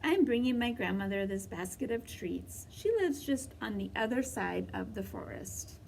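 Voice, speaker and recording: A woman's voice: a little high, lively intonation, normal speed, vocal fry, distant mic, slight background noise. Woman doing a sweet trusting little girl. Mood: cheerful. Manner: bright and trusting. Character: polite cheerful little girl. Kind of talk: storybook read-aloud.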